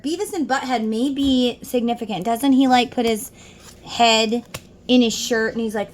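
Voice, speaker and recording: Sitting at home, a tarot reader chats through a casual reading in a voice on the high side, keeping a moderate pace. Between explanations, she reads song lyrics aloud.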